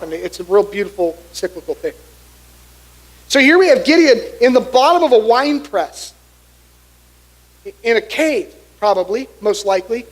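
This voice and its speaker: Brief: middle-aged male pastor, high voice, animated storytelling sermon. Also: poor audio. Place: church sanctuary.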